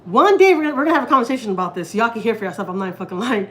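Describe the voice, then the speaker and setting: A woman's voice: on the high side, expressive, very fast, slight background noise. A young woman from Houston, Texas, talking candidly to viewers about her family. She swears freely and acts out what people said to her. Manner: profane, candid, quotes people in dialogue. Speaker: family vlogger. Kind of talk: casual storytelling to viewers. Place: home kitchen.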